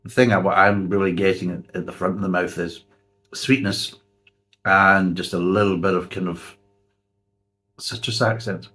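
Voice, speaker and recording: A man's voice: low voice, level tone, normal speed, long pauses, sharp tone. A man, reviewing a beer in a blunt, sarcastic way and swearing freely. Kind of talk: casual spoken review.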